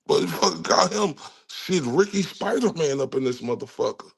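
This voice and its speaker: Gravelly angry Texan man ranting. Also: medium pitch, very animated, normal speed. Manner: angry, cursing, talks to viewers. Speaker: true-crime commentator. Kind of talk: profane ranting commentary.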